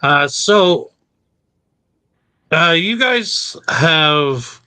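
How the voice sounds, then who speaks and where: Bright-voiced man hosting a live show. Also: on the high side, animated, very slow, smooth. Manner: friendly, filler-heavy. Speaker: show host.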